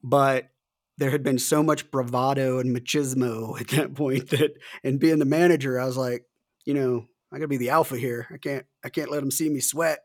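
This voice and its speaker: A man's voice: medium pitch, fairly even intonation, normal speed. Middle-aged guy rambling thru a story, cusses a lot, chuckles as he goes. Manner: loose storytelling, swears often, laughs through his stories. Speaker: podcast co-host. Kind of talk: casual chat.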